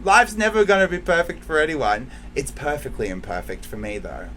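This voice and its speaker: A man hosting his channel in an emotional, heartfelt monologue to the camera, near tears, swinging between hushed lines and loud bursts. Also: on the high side, fairly quick, a little hiss or hum. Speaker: channel host.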